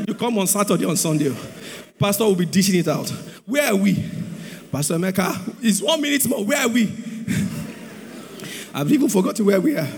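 A man preaching a sermon on marriage, animated and sing-song, breaking into shouts. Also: sits high, moderate pace, pauses often, background noise. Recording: long hall reverb.

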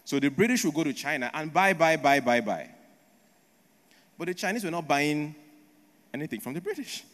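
A man's voice: fairly high pitch, big pitch swings, moderate pace, long pauses, fairly bright tone. Preacher man in an echoing hall. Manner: storytelling with rhetorical questions and tag "right?". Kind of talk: sermon. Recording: long echo of a large hall.

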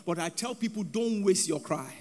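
A man's voice: high-pitched, animated, normal speed, darkish tone. A man preaching a sermon in a church hall, with a sing-song cadence and calls for the congregation to repeat after him. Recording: long hall reverb with faint background music.

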